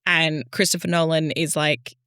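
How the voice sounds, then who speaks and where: A woman co-hosting a podcast in casual, animated chat with quick asides. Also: sits low, clear, resonant tone, no echo, studio quality. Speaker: podcast co-host.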